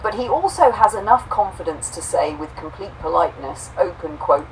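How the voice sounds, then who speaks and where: A woman co-host reading a homespun robot story aloud, saying the quote marks out loud, then reflecting warmly on it. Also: fairly low pitch, animated, moderate pace, far from the mic, slight background noise, low-quality recording. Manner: warm, affectionate, reads quote marks aloud.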